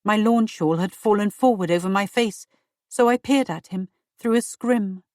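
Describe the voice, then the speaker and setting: A woman reading a first-person audiobook in slow, measured storytelling narration. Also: medium pitch, a little mellow, no room sound, clean studio sound.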